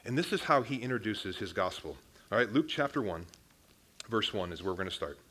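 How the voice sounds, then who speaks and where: A man's voice: fairly low pitch, animated, a little fast, a bit bright. A young man, a pastor, preaching a sermon in a casual, conversational way, often calling the congregation "guys" and restarting his sentences.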